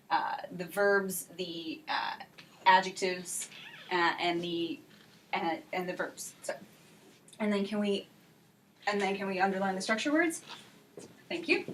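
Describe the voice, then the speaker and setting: A woman teaching an English class for adult learners, speaking clearly and encouragingly, and modeling example sentences slowly. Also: medium pitch, a little hiss or hum. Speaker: ESL teacher.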